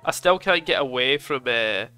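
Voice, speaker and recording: A young man streaming a game show video game, chatting with his viewers, excitable and swearing a lot. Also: mid-range voice, moderate pace. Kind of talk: casual live gaming commentary. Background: game music.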